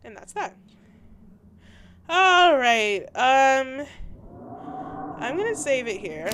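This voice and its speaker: A young woman casually commenting and reading game text aloud, giggly and animated. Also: high voice, drawn-out words, slight background noise. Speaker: gaming channel host. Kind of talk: let's play commentary.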